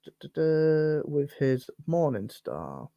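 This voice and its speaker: Gravelly-voiced man running a tabletop game. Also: mid-range voice, measured pace, no echo. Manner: relaxed, filler-heavy narration. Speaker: dungeon master.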